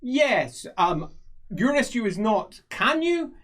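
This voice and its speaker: Lively man narrating as game master. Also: very high voice, takes it slowly. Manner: playful, lively storytelling.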